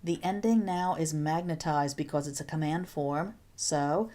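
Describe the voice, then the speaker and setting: A woman Spanish teacher explaining grammar step by step in a recorded video lesson, patient and clear with playful asides. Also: deep voice, a little slow, warm tone.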